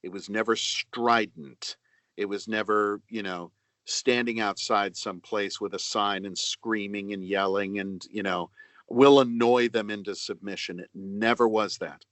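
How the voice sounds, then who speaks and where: Middle-aged man, low voice, dry close sound; earnest, measured interview guest on a video call. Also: steady tone, pushed and bright, no room sound. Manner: earnest, measured, with many pauses and fillers. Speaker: actor and audiobook narrator, interview guest. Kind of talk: reflective interview answers.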